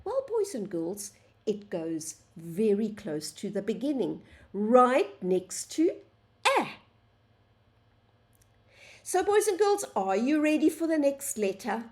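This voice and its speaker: A woman gives a children's phonics lesson, stretching out each sound and sweeping her voice up and down in a sing-song way. She talks very slowly and patiently, addressing the class directly. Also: mid-range voice, big pitch swings. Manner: slow, sing-song, sounds out letters, addresses "boys and girls". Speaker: teacher.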